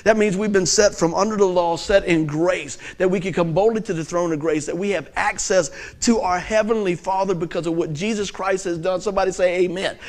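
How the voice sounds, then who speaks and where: High-voiced animated male preacher. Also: brisk, few pauses. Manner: animated storytelling with laughter and loud peaks. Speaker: pastor. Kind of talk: sermon.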